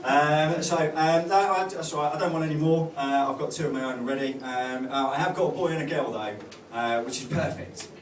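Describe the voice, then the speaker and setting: His voice is on the high side and fairly quick, with few pauses and a bit of hiss or hum in the audio. On a comedy club stage he delivers a meandering, hesitant set, full of fillers and restarts. The sound is roomy and far away, with loud audience laughter.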